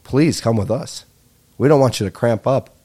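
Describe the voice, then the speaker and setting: A man's voice: medium pitch, moderate pace, warm tone, slightly rough, lightly acted. A young man voicing a fawning gym spa desk attendant who gushes over a customer with exaggerated politeness. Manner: gushing, overly polite.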